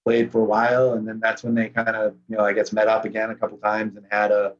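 A man's voice: fairly low pitch, monotone, quick pace, dull audio. A man talking casually as a podcast guest, rambling in a laid-back way with lots of fillers. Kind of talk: casual conversation.

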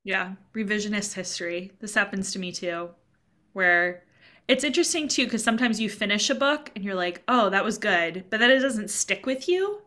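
A woman's voice: medium pitch, animated, moderate pace, sharp tone. A woman co-hosting a podcast in casual chat, talking freely and quoting her own thoughts aloud. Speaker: podcast co-host.

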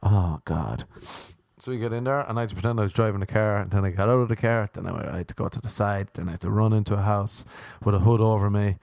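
A young man with an Irish accent talks in a loose, sweary, self-deprecating monologue. His voice sits on the low side. The sound is dry and close, with no room around it. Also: steady tone, rapid-fire, vocal fry, hardly any pauses, darkish tone, no echo. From Ireland. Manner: sweary, rambling, self-mocking, acts out other voices. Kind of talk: casual storytelling monologue.

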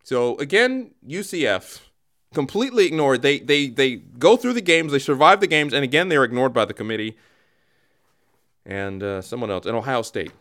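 A man hosts a comedy radio program in a mock-solemn, deadpan tone. His pitch rises and falls in lively swings as he talks. He sounds like a steady, middle-pitched presenter. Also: moderate pace. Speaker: radio show host.

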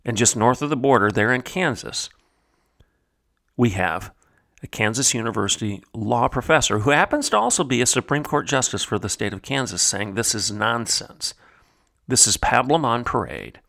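A man from Oklahoma delivers a commentary monologue in a plain, mid-pitched voice. He builds emphasis by repeating phrases, rising in pitch as he presses a point. Then he sinks low and hushed to show disdain. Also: lively intonation, normal speed, vocal fry. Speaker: podcast host.

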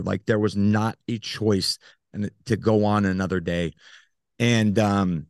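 A man who is a podcast guest, telling a personal story in an earnest, halting way with many fillers. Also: lowish voice, fairly even intonation, dry recording, clean studio sound.

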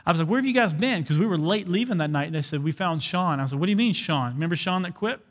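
A young adult man preaching a sermon as a pastor, telling an animated story and acting out quoted dialogue. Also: fairly high pitch, very fast, big-room sound.

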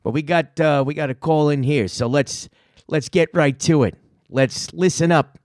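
A man in his fifties hosts a call-in podcast, trading profane, gruff banter with callers. His voice sits fairly high for a man and sounds dry and close to the mic. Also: normal speed, a little mellow, dry recording. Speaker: podcast host. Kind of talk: casual call-in chat.

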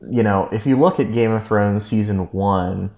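Low-voiced man in an echoey room. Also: normal speed, darkish tone. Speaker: podcast panelist. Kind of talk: casual chat. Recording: roomy echo.

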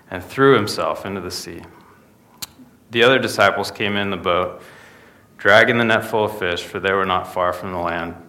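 Bright-voiced casual male preacher. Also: on the low side. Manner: conversational, with frequent rhetorical "right?" asides. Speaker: pastor. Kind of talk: sermon.

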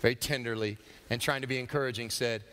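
A man's voice: mid-range voice, quick pace, long reverb tail. A man preaching a sermon, acting out characters' voices as he tells stories. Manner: animated storytelling, acting out voices. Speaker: pastor.

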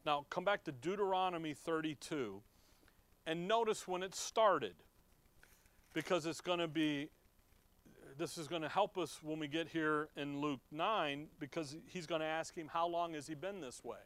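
A man's voice: fairly high pitch, unhurried, fairly bright tone, dry recording. A middle-aged man teaching from the Bible in a conversational way, reading verses aloud and asking his listeners questions. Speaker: preacher.

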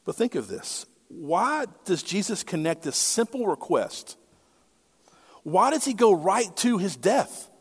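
A man's voice: high voice, husky. A middle-aged male pastor preaching a sermon in a conversational way, often putting rhetorical questions to his listeners. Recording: long hall reverb.

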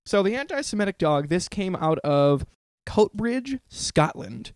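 A man's voice: high-pitched, very animated, measured pace, dry recording. A man hosting a casual comedic podcast, joking around and laughing at his own puns. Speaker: podcast host.

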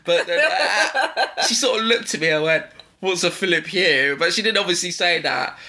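A man's voice: sits high, sing-song, moderate pace, sharp tone. A man co-hosting a podcast, talking in rambling, self-interrupting casual chat. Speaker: podcast co-host.

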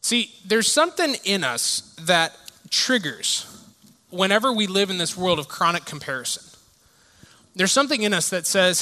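A man in his thirties preaching a sermon, telling stories with animated energy and then dropping into quiet reflection. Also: high voice, moderate pace. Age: 30s. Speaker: pastor. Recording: reverberant hall sound.

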